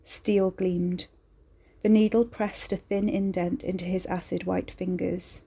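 A woman reading scripted horror story narration in a measured, deliberate way. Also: fairly low pitch, flat delivery, vocal fry, mellow, slightly rough.

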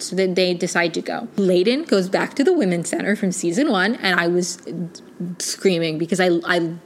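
A young woman chatting casually as she reviews a TV season, rambling with lots of "like" fillers and restarts, gushing and clearly invested. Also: on the low side, normal speed. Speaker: TV review vlogger.

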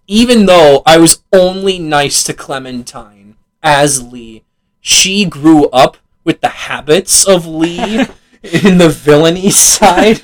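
A man's voice: a little high, a bit bright, poor audio. A young man co-hosting a casual podcast about video games, laughing often, swearing freely and acting out game dialogue. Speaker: podcast co-host.

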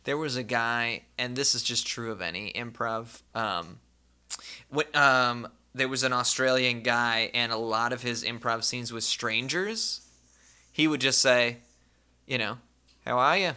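A man from the United States co-hosting a podcast in casual chat, loud and joking with lots of swearing. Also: mid-range voice, measured pace, smooth. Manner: loud, swearing, jokey interjections. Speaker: podcast co-host.

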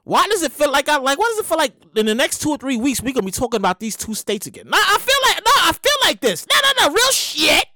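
A woman with a New York accent hosting a casual commentary show, animated and emphatic, slangy, repeating her points. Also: high-pitched, fast, hardly any pauses, no room sound. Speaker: show host.

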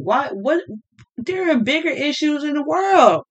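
Young woman vlogger, slightly high voice, blunt and mocking, casual rant. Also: big pitch swings, unhurried.

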